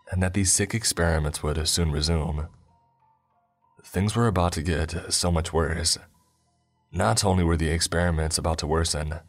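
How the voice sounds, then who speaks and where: A man giving a somber, measured scripted horror narration. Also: extremely low pitch.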